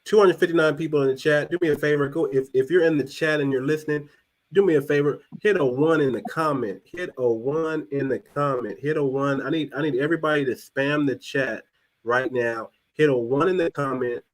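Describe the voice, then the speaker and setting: A man's voice: on the high side, fairly quick, rough recording. A man hosting a live-streamed talk show, thinking aloud as he searches online and talks to his viewers. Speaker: podcast host.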